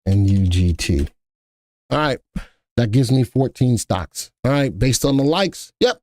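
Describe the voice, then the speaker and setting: A man's voice: mid-range voice, very animated, measured pace, darkish tone, no echo, clean studio sound. Chatty man hosting a live market stream. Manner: chatty, thinks aloud, repeats himself. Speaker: live stock market show host. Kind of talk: casual live-stream commentary.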